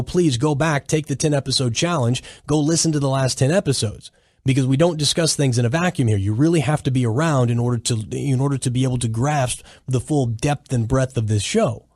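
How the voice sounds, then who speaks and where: A man's voice: medium pitch, darkish tone, dry recording, clean studio sound. A man hosting a solo commentary podcast, talking emphatically in a lecturing way and often restarting his sentences. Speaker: podcast host.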